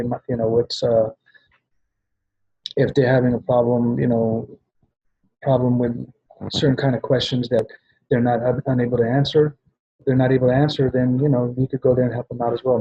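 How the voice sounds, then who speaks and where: A man's voice: mid-range voice, slightly rough, dull audio. A man giving a rambling training talk to sales agents, often restarting and checking in with "right?". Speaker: business trainer at a travel party.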